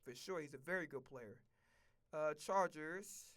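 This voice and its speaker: A man's voice: a little high, unhurried, a bit bright. A man streaming a casual football rant, blunt and profane, full of slang and repeated phrases. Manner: profane, blunt, heated ranting.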